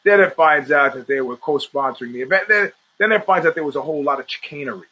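Quick-paced and sharp in tone, a man with a slightly high voice is heard through a low-quality recording. He's a podcast host running through his fight predictions in a casual monologue, rambling and opinionated. He swears, talks streetwise, and frequently restarts sentences midway.

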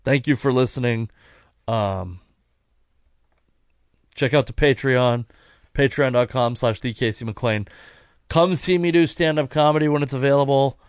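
A man's voice: mid-range voice, unhurried, pauses often, clean tone, no room sound, clean studio sound. A man hosting a podcast alone, talking in a rambling way with wry asides and frequent self-corrections, and he sounds tired. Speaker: podcast host. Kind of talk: casual solo podcast monologue.

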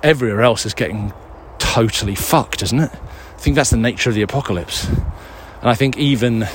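A man's voice: mid-range voice, normal speed, a little hiss or hum. A man chatting casually and out of breath while walking a dog in the woods, rambling, swearing and mocking himself as he answers listener questions.

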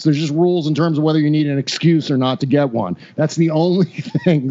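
A man's voice: a little high, warm tone, muffled recording. A man talking as a podcast guest in casual political chat, wry and rambling, often restarting and laughing.

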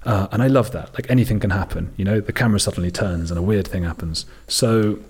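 A man's voice: lowish voice, fast talker, darkish tone, slightly rough. A man, a documentary filmmaker, talking casually in an interview and telling rambling stories. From United Kingdom. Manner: rambling storyteller, mimics people he quotes. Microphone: close desk microphone.

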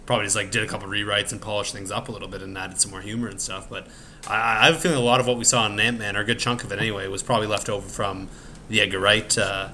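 A man's voice: lowish voice, level tone, very fast, sharp tone, slight background noise. A man co-hosting a podcast, chatting casually about a film and hedging his opinions as he thinks aloud. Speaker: podcast co-host. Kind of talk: casual movie chat.

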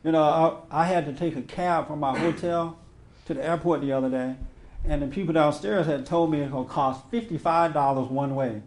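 In a roomy, echoing space with a bit of hiss or hum, a man with a high-leaning, darkish voice preaches informally to a small group at a fairly quick clip. As a spiritual teacher, he spins conversational stories, voicing the quotes and laughing a lot.

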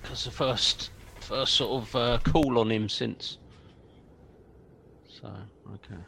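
A man's voice: medium pitch, fairly even intonation, slow pace, creaky, pushed and bright, slight background noise. Hesitant man playing a tabletop game. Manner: hesitant, thinking aloud. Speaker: player. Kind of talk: casual tabletop game chat.

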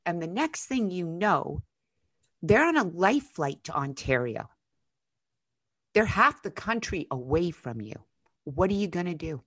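A woman's voice: on the low side, dry recording. A woman co-hosting a political podcast, speaking with raw anger and blunt swearing about her province. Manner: angry, emphatic, swearing. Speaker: podcast co-host. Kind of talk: impassioned political commentary.

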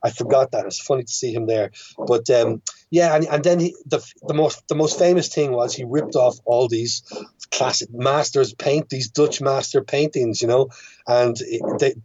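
A man's voice: medium pitch, moderate pace, darkish tone, husky, no room sound, muffled recording. A young Irish man, a filmmaker, chatting casually as a podcast guest and rambling with frequent restarts. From Ireland. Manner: rambling, many restarts and stammers.

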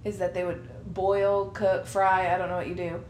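A woman chatting casually as a podcast co-host, telling her stories with lots of laughter. Her voice sits at an ordinary middle pitch. The recording sounds roomy, with a faint low rumble underneath. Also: moderate pace. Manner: animated storyteller, laughs often. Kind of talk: casual chat.

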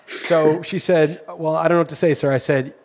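A man's voice: a little high, fairly even intonation, normal speed, a little mellow. A middle-aged man hosting a podcast, telling a story in an indignant, ranting way. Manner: indignant, storytelling, rising intensity when ranting. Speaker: podcast host. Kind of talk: casual podcast chat.

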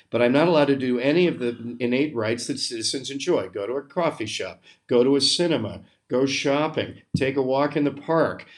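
An American man hosting a podcast, delivering an emphatic, sarcastic opinion monologue with open indignation. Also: medium pitch. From United States. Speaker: podcast host.

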